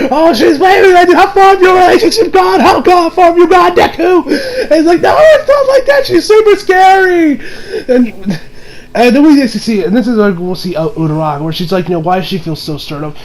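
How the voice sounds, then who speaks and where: A man's voice: high-pitched, rough recording. A man casually reviewing an anime episode, rambling with many fillers and frequent laughs.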